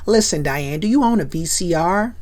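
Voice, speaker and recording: A woman voicing a cocky, excitable teenage boy, speaking low and playing it cool. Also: normal speed, lightly acted. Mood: bragging.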